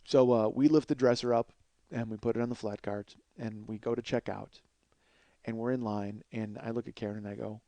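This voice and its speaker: A man hosting a podcast, telling a comic story in a profane, animated way and laughing along at his own tale. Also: medium pitch, fast, dry recording. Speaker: podcast host.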